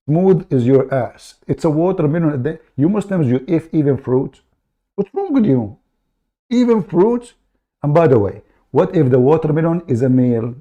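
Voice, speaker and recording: A man's voice: on the high side, expressive, normal speed, mellow, highs cut off. A man hosting a comedic commentary with a mocking, sarcastic manner. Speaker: host. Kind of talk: comedic commentary and phone skit.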